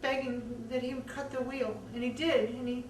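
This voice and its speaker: A woman earnestly recounting her own story in a measured way, with many pauses. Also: fairly high pitch, fairly even intonation. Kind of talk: personal testimony. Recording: echoey room, distant mic, faint background noise.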